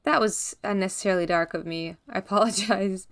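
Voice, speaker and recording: A woman giving deadpan, darkly joking commentary while she plays a video game and reads its text aloud. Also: mid-range voice, fairly quick. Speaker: gaming video creator. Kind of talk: let's play commentary.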